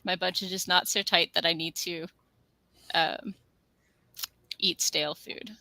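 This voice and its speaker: A woman's voice: fairly low pitch, steady tone, a little slow, vocal fry, pushed and bright, no echo. A woman co-hosting a casual live stream, chatting and reading out comments from the chat. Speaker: stream co-host.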